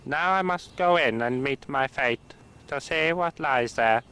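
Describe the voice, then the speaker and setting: A man putting on a grandiose mock-medieval storyteller voice, declaiming slowly and pompously outdoors. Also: mid-range voice, pushed and bright, smooth, pitched above the performer's own voice, poor audio. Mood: mock grandeur. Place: outdoors in an old walled town.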